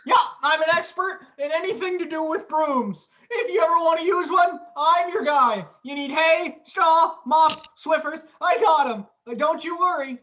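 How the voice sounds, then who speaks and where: A woman's voice: extremely high pitch, moderate pace, hardly any pauses, a bit bright. A young woman playing a flustered, stammering young man at a job interview, in an amateur stage comedy on a dull lo-fi recording. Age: young adult. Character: bumbling young man job applicant, nervous and oddball.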